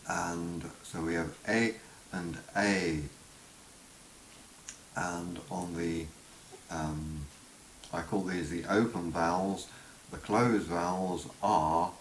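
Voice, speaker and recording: A man giving an unscripted spoken lesson on vowel sounds, halting with many fillers and voicing each sound slowly. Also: low voice. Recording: roomy with faint hiss.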